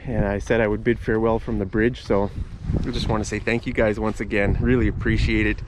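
A man's voice: fairly low pitch, level tone, a little fast, background noise. Chatty man teaching English on a walk. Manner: chatty, explains words as he goes. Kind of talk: casual teaching vlog on a walk. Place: outdoors in a park with bushes and a bridge.

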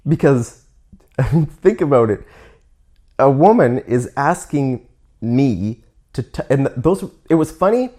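A man's voice: mid-range voice, lively intonation, slow pace, pauses often, warm tone. A man with a Canadian accent talking candidly in a casual monologue, often restarting and stopping to explain words for learners.

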